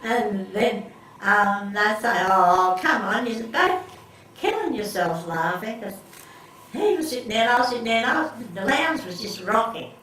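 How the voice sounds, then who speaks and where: A woman's voice: medium pitch, animated, normal speed, a bit bright. An older woman telling family stories in casual chat, rambling with many restarts and often laughing. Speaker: interviewee. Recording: echoey room, recorded from far off, faint background noise.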